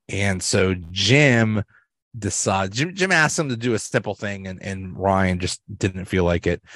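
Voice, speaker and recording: A man's voice: lowish voice, dry recording. Chatty man rambling through episode recaps. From Pittsburgh area, US. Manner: rambling, with many restarts and chuckles, briefly mimicking characters. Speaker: podcast host. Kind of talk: casual recap and ranking of sitcom episodes.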